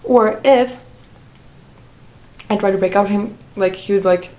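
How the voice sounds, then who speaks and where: A woman's voice: mid-range voice, measured pace, mellow, rough recording. Hesitant woman vlogger full of fillers. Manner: hesitant, many "like" fillers and self-corrections. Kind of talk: personal storytime vlog.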